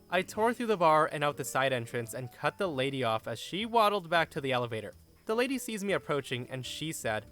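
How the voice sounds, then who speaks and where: Casting note: lively male storyteller, a bit high-pitched, faint music underneath. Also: a little fast. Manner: expressive, animated narration. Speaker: storyteller narrating online posts. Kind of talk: narrated story reading with commentary.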